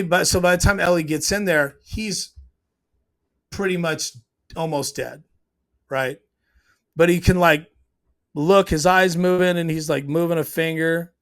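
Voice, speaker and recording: Emotional man with a higher voice. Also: fairly bright tone. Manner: emotional, hesitant, with many restarts. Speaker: show reviewer. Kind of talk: casual scene breakdown.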